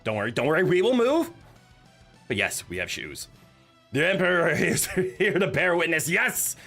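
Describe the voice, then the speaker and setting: A male streamer who jokes with his chat, giggling and openly nervous. His voice sits fairly high and swings widely in pitch, with a bright, sharp edge to it. Faint music plays behind him. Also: big pitch swings, moderate pace. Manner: chatty, joking, talks to chat. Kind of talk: casual live-stream chat.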